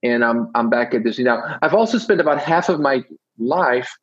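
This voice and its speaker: A man's voice: mid-range voice, expressive, moderate pace, husky, muffled recording. A man from Belgium with a Dutch-tinged English accent, chatting as an interview guest and telling rambling stories with acted-out quotes. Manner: rambling, storytelling, acts out quotes. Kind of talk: casual chat.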